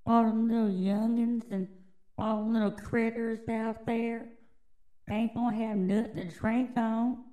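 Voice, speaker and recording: A woman's voice: medium pitch, warm tone, poor audio. A woman hosting a podcast alone, delivering a crude, rambling, mock-conspiratorial monologue full of swearing. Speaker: podcast host.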